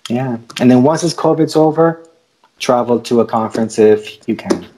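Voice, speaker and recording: A man's voice: mid-range voice, moderate pace, mellow, slight background noise, rough recording. A man who stutters, speaking as a guest in a casual video-call interview and laughing often. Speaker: guest cartoonist and podcaster.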